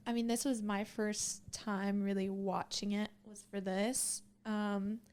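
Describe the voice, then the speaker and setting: A woman guest on a podcast, speaking casually in a halting, thoughtful way with many pauses. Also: a little high. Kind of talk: casual chat.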